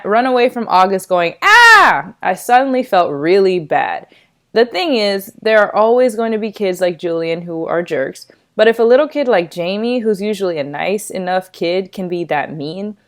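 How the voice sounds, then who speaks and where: A woman reading a novel aloud, with expressive first-person narration. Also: medium pitch. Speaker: reader.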